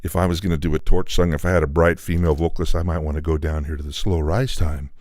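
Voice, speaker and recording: A man's voice: rumbling low, fairly even intonation, fast, a little mellow, no echo. A man demonstrating studio equipment in a loose, explanatory way with frequent fillers, speaking into a studio microphone and moving on and off it. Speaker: equipment designer demonstrating a preamp. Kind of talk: technical product demonstration.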